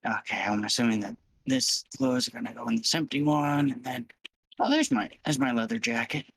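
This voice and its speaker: A man playing a tabletop game, talking in a halting, stammering, playful way. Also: medium pitch, animated, gravelly, fairly bright tone, slightly rough, dry recording, poor audio. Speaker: player. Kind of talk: casual in-character chat.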